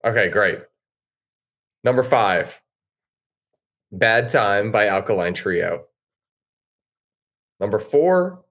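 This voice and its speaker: A man guesting on a podcast, his voice on the lower side. He talks eagerly and chattily, often speeding up when he gets going. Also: fairly bright tone. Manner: eager, chatty, quick bursts. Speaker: podcast guest, band frontman. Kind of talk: casual podcast chat.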